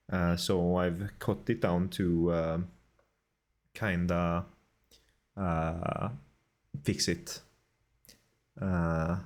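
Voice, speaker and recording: A fairly low-voiced man chats slowly with his stream audience, answering viewer messages between stretches of art work. He puts on a deliberately terrible Swedish accent the whole time. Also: no echo. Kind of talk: casual livestream chat while making game art.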